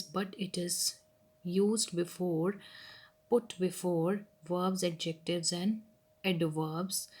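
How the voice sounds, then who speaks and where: A woman teaches a grammar lesson at a very slow, careful pace. Her voice sits low for a woman, and she reads each example sentence and then says it again to drive it home. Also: a little mellow. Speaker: English teacher.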